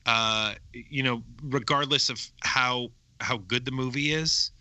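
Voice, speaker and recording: A man's voice: mid-range voice, takes it slowly, dry recording. A man co-hosting a movie podcast, giving his opinion in a rambling, casual way with frequent restarts. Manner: rambling, restarts, lively emphasis. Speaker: podcast co-host. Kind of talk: casual movie review chat.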